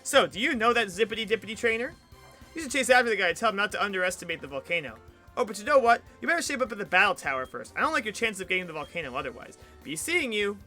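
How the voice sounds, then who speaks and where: A man's voice: high voice, sing-song, very fast, pushed and bright, soft background music, heavily acted. A man voicing a cocky, boastful young male trainer from a video game. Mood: swaggering.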